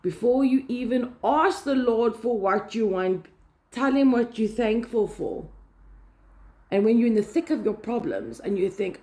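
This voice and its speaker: A woman's voice: on the high side, expressive, unhurried, dark tone. A woman giving a casual devotional talk, earnest and emphatic, repeating key words. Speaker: Christian vlogger.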